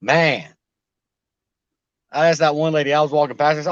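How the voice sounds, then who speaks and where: A man's voice: a little high, fairly even intonation, normal speed, no room sound. A man hosting a casual coin roll hunting stream, telling loose jokey stories and swearing now and then. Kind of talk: casual livestream chat. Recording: dull lo-fi stream audio.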